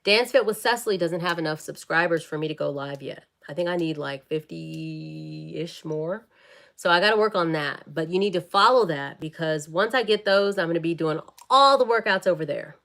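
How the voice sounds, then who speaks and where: A woman chats casually with her livestream audience. She is bubbly and talkative, calling them y'all. Her voice sits a little low. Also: moderate pace, creaky, a bit bright. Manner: bubbly, chatty, addresses viewers as y'all. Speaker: wellness vlogger and fitness live-streamer. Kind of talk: casual livestream chat with viewers.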